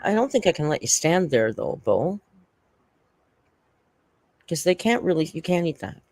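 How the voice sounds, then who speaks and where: A woman's voice: low voice, big pitch swings, moderate pace, a little mellow, no room sound. A woman hosting a casual livestream from home, rambling and chatty as she thanks chat members, on a desk microphone. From Canada. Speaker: livestream host.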